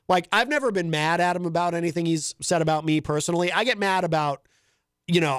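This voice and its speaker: A man's voice: a little high, no echo. A man hosting a podcast, rambling and mocking himself, breaking into laughs at his own jokes. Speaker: podcast host. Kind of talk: casual monologue.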